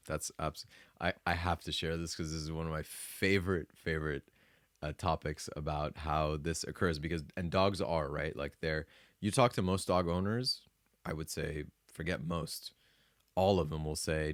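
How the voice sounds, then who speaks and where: A man's voice: very deep voice, fairly even intonation, normal speed, no room sound, studio quality. A man co-hosting a podcast, explaining ideas step by step in a casual, enthusiastic way and laughing often. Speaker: podcast co-host. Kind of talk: casual spiritual discussion.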